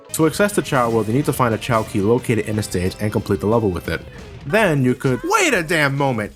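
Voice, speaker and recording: A man reviews a video game in a comedic voice-over, and his pitch swings widely as he rants. His talk is salty and exasperated, and it jumps into sudden shouts. Game music plays faintly under him.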